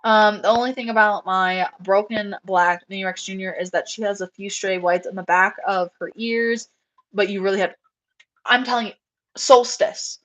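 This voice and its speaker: A woman's voice: mid-range voice, moderate pace, poor audio. Chatty woman rambling about her hobby. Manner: rambling and animated, full of fillers and acted-out quotes. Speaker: rabbit breeder on a live show. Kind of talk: casual chat.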